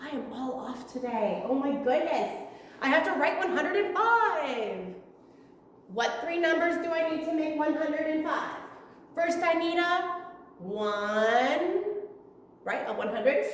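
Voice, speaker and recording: A young woman teaching a virtual preschool lesson in a room with windows, talking slowly in a sing-song way to small children. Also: high voice, animated, recorded from a distance, a little hiss or hum. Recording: echoey room with long reverb.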